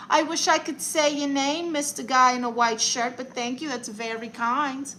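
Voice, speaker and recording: A young Brooklyn woman with a New York accent reads viewer comments aloud on a casual home live stream, firing back sassy, playful comebacks. Her voice is high, steady and a bit bright, captured in a rough recording with a little hiss or hum.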